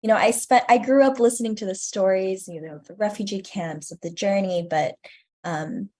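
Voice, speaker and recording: A woman in her twenties answering interview questions earnestly and reflectively, with frequent ums, her sentences trailing off softly. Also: medium pitch, normal speed. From United States. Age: 20s. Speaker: guest, student curator.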